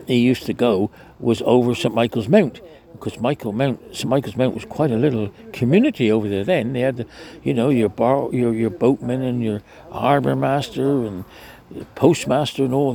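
In this interview, an older Cornish-accented man rambles through his stories in a mellow mid-range voice with vocal fry. He chats freely, restarts often, and lets some mild swearing slip.

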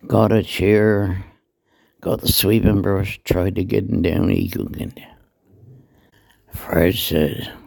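An older man, telling salty dialect anecdotes slowly from a hospital room. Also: low voice, steady tone, darkish tone. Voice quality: gravelly, husky. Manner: slow, meandering, salty dialect storytelling. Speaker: storyteller guest.

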